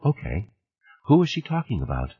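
Male reader voicing a cool, exact woman lawyer, husky, lo-fi audiobook. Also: on the low side, huge pitch swings, normal speed, mellow, full character voice. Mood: firm. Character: sharp, composed woman lawyer. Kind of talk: audiobook reading.

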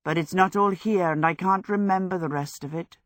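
A woman's voice: fairly low pitch, a little fast, dry recording, studio quality, natural voice. Woman doing a young male wizard, vain, theatrical, exasperated, storybook.

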